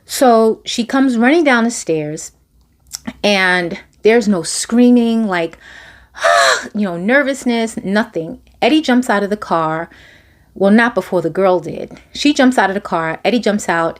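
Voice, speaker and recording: A woman's voice: mid-range voice, animated, a little slow. Sarcastic woman ranting about a show. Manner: sarcastic and incredulous. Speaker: podcast host. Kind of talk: casual episode recap rant. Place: home near a train line.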